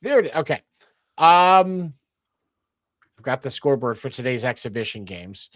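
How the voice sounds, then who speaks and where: Rambling podcast host, dry close sound. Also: male voice, medium pitch, big pitch swings, normal speed, a bit bright, no echo. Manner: rambling, many fillers and restarts. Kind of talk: casual sports podcast chat.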